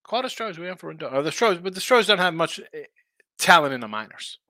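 A man's voice: on the high side, sing-song, fast, pushed and bright, no room sound. A man hosting a sports betting show, talking casually and rambling through opinionated takes full of rhetorical questions.

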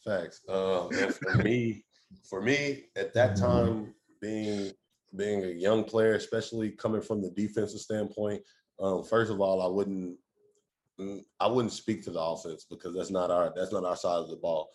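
A former college football player in his thirties breaks down the game in a relaxed sports chat. His voice sits fairly low, and he drives his points home with slang and repetition. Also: unhurried.

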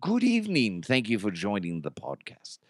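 A prim, snobby British host with a put-on posh accent, as a man puts him on, sliding between high and low notes in a lively sing-song. He sounds overly polite and mock-formal, quieter than usual, in a dry room with no echo. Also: normal speed.

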